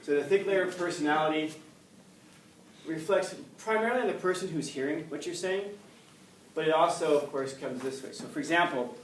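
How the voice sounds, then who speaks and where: Brisk and a little high-voiced, a male teacher addresses his class bluntly, tossing out one rhetorical question after another. The echoey classroom recording places him some distance from the mic, and a faint hum sits under his speech.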